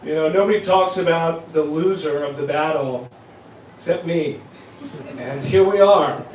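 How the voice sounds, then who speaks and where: A man's voice: a little high, a little slow, a little mellow. A man from Trenton, New Jersey, doing a profane, self-deprecating stand-up set and laughing at his own jokes. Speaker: stand-up comedian. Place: comedy club stage. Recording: roomy club sound, mic at a distance, audience.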